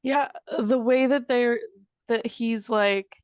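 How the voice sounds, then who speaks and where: A woman's voice: on the high side, fairly even intonation, takes it slowly, clear, resonant tone, no room sound. A young woman sharing her thoughts in a casual class discussion of a novel, searching for her words as she goes. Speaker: student in a book discussion.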